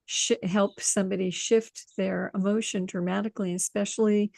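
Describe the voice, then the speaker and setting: A woman coach in casual conversation, telling a lively story, acting out quotes and often laughing. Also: medium pitch, moderate pace, vocal fry, no room sound, clean studio sound. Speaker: intuition coach.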